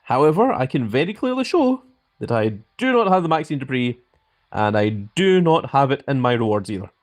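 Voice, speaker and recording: Lively grand-sounding Scottish man. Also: mid-range voice, normal speed. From Scotland. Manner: carefully enunciated, grand manner of speaking. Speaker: mobile game live streamer. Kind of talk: live stream chat reading.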